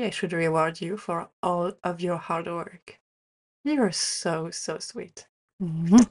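A young woman with a somewhat low voice performs an adult audio role-play as the listener's girlfriend. She speaks unhurriedly and softly, in a doting, affectionate way.

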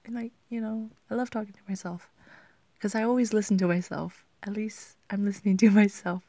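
A woman's voice: medium pitch, steady tone, a little fast, mellow, no echo. A young woman rambling through a questionnaire in a casual, giggly way, often half-whispering. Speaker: vlogger.

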